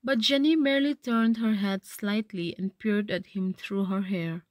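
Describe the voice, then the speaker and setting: A woman's voice: medium pitch, fairly even intonation, a little slow, darkish tone, dry recording. A woman teacher reading a story aloud, then retelling each passage in simpler words.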